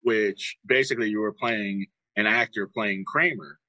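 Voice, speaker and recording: A man's voice: lowish voice, normal speed, sharp tone, no room sound, dull audio. A man hosting a casual talk show, chatting in an easygoing way. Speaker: host. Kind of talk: casual chat.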